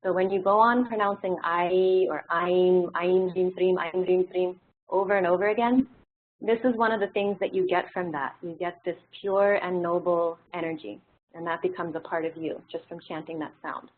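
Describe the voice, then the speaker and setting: A woman teaching a classroom lesson in a relaxed, explanatory way, pausing on frequent fillers. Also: fairly low pitch, a little hiss or hum. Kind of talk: classroom lecture. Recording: tinny phone-like audio.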